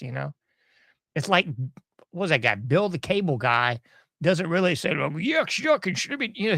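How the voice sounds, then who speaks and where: A man's voice: a little high, creaky, a bit bright, no room sound, studio quality. A man hosting a podcast, giving a rambling, sarcastic commentary monologue with mocking asides. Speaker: podcast host.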